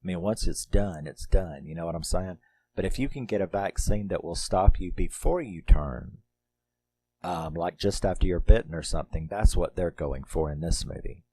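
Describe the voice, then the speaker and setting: A man's voice: sits low, normal speed, warm tone, slight background noise. A middle-aged man reviewing a horror movie in casual, rambling talk, laughing often and swearing freely.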